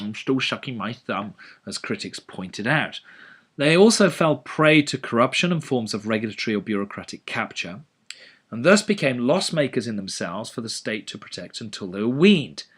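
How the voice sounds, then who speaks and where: Brief: male economics lecturer, expressive, wry, mid-pitched. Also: breathy edge. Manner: animated, sardonic asides. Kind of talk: educational lecture.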